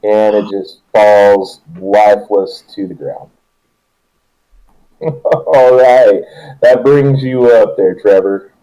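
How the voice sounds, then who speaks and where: A man's voice: on the low side, takes it slowly, pauses often, dark tone, poor audio. Laid-back young man running a tabletop game. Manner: laughing, joking, loose narration. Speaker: game master.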